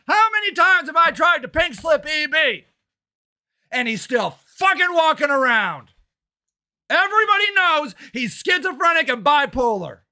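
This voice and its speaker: Older male activist, high strained shouting rant, harsh and profane. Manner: shouting, swearing, fast and agitated. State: angry and worked up. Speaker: local activist and city council candidate. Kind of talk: angry ranting monologue.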